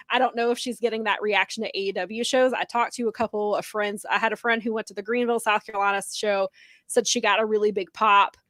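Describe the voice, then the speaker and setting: A woman co-hosts a wrestling podcast, chatting casually and rambling through long retellings of what others said, full of fillers. Her voice is medium-pitched and a bit bright, with no echo.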